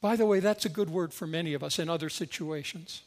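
High-voiced male preacher in an echoey hall. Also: fast. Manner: expressive storytelling, emphatic. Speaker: pastor. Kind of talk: sermon.

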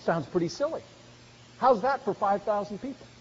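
A man's voice: high-pitched, lively intonation, moderate pace, a little hiss or hum. A man preaching a sermon, earnest and growing emphatic as he presses his point. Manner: earnest, rising to emphatic exhortation. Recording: dull sound with long hall reverb.

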